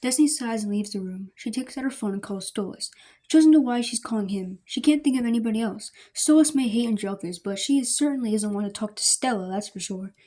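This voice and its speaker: A woman's voice: on the high side, fast talker, dark tone. A woman reading her fan fiction aloud in a plain, unpolished way with small slips. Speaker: story reader.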